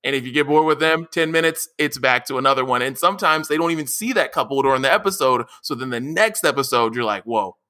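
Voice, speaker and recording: A man co-hosting a podcast in loose, casual chat. His voice is bright and forward, and he gets excitable fast, acting out what other people say. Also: mid-range voice. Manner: animated, excitable, laughs often, acts out quotes loudly. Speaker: podcast co-host.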